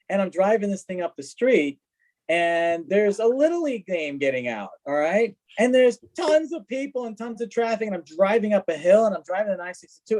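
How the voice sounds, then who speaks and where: A man telling stories in a casual chat as a guest, lively, acting out what people said. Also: sits high, low-quality recording. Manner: animated, acts out quoted dialogue. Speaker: guest, car collector. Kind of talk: casual storytelling.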